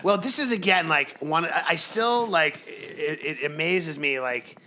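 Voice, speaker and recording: Dude on a podcast ranting, swears a lot, bright edgy voice, kinda high. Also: male voice, unhurried, slight background noise. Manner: animated, swearing, laughs often. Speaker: podcast co-host. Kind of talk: casual profane chat.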